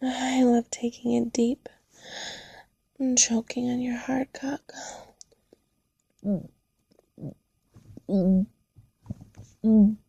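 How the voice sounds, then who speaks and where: Breathy woman in whispered role-play. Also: fairly high pitch, extremely slow, pauses often, mellow, dry recording. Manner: intimate, murmuring and sighing.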